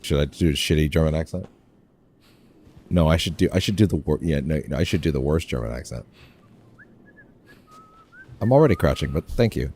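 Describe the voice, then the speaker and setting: Deep-voiced man streaming a game. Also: expressive, fairly quick, long pauses, dark tone, a little hiss or hum. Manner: rambling, restarts phrases, chats to his dog. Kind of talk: casual gameplay commentary.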